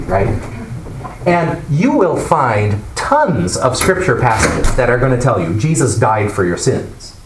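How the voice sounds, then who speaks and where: A man teaching a Bible class, explaining and asking the class questions in an animated way. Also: medium pitch, takes it slowly. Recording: echoey room, mic far off, faint noise.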